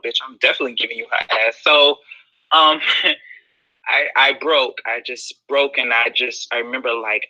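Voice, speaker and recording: A young man telling a personal story in a casual, sassy, expressive way, full of slang. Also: mid-range voice, poor audio.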